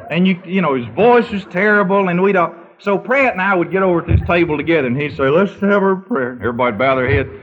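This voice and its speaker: Folksy high-voiced storyteller man, lo-fi. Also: quick pace, hardly any pauses. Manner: folksy anecdotal storyteller, breaks into sung bits and laughter. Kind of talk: humorous storytelling. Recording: dull lo-fi recording.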